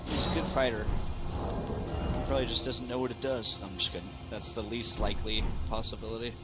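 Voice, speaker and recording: A man's voice: mid-range voice, fairly even intonation, fast talker, over loud music. A man streaming a game, chatting casually in a rambling, laid-back way and correcting himself as he goes. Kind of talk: casual gaming stream chat.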